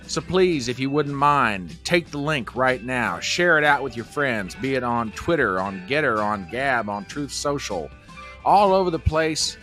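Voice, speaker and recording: A man's voice: mid-range voice, unhurried, faint music behind. A man hosting a casual livestream, folksy and talkative, reading viewer comments aloud. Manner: folksy, animated, reads chat comments aloud. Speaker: livestream host.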